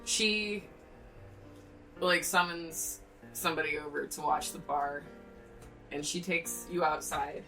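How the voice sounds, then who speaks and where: A woman runs a tabletop game as dungeon master, talking quickly and excitably with frequent laughs. Her voice is low but bright. She sits a little far from the mic, with faint music playing.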